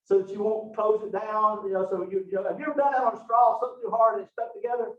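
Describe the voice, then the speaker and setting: High-voiced folksy professor lecturing. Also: male voice, steady tone, fast. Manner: folksy and chatty, Southern phrasing. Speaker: college anatomy and physiology instructor. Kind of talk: casual classroom lecture. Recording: echoey, distant, dull lo-fi room recording.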